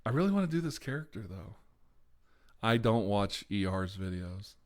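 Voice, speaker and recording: Man, fairly low voice, rambling casual chat, ASMR live-stream host, laughs and sighs often, close mic. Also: very animated, normal speed.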